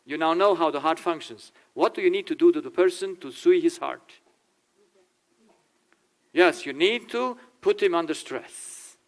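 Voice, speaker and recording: German-accented man giving a lively talk. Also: fairly high pitch, a little slow. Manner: animated, laughing, acts out dialogue in changing voices. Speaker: family therapist speaking to a church audience. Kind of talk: informal talk with acted quotes.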